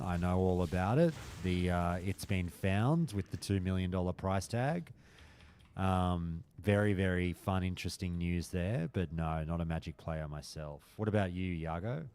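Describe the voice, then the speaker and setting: A man's voice: low-pitched, moderate pace. A man hosting a stream, chatting casually with his viewers and telling stories full of swearing. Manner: frequent swearing, animated storytelling. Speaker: stream host. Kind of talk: casual chat with live chat.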